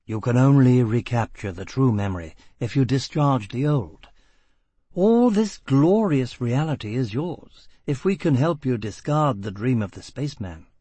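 A man doing a smooth, coaxing doctor. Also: mid-range voice, measured pace, no echo. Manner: calm, coaxing, clinical. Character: smooth, persuasive male doctor.

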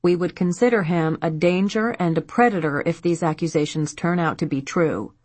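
A stern, blunt male detective questions firmly and evenly, as a woman reader voices him. The voice sits low and husky, with a dry, close sound. It is an audiobook character voice. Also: a little mellow, dry recording, close to an everyday voice. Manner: firm, measured questioning.

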